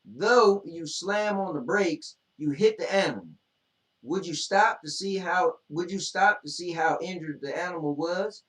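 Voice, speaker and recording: A man's voice: sits high, unhurried, fairly bright tone, recorded from a distance. A man with a drawl trades banter as co-host, reading questions aloud and spinning boastful, joking tall tales. He sits away from the mic, and the room echoes around his voice. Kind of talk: casual chat reading questions.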